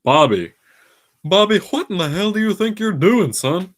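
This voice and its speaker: A man imitating a gruff middle-aged propane-salesman dad from a cartoon, scolding in a drawl, his voice raised well above his own low pitch. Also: animated, normal speed. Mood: exasperated.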